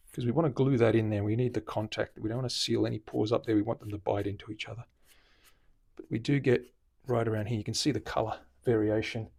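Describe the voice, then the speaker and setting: Aussie guitar builder bloke, raspy husky voice, just chatting while he works in the shop. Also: mid-range voice. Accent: Australian. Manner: relaxed, chatty, explains while working. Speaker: luthier host. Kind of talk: casual live-stream demonstration.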